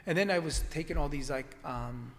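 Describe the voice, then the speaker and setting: A man's voice: a little high, normal speed, fairly bright tone, in a large hall. A man telling his story in a casual conversation, rambling with lots of restarts and fillers. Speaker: acupuncturist guest.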